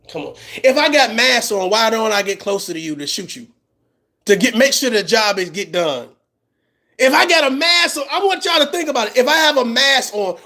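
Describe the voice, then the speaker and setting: A male commentator reacts to a clip in a loose, slangy way, teasing and laughing as he talks. His pitch is very lively, jumping high when he is amazed and dropping low for asides. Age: middle-aged. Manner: mocking, laughs a lot, slangy.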